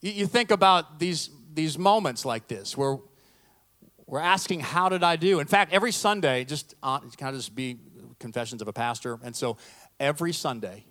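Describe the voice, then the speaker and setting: Preaching with animated storytelling, this middle-aged pastor acts out quoted voices and leans on self-deprecating humor. He speaks at a normal speed in a slightly high voice.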